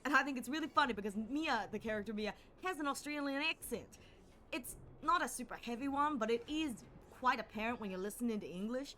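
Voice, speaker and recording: A woman's voice: a little high, animated, a little fast, pushed and bright, slight background noise. A young adult woman livestreaming a story game, rambling in casual chat and laughing often.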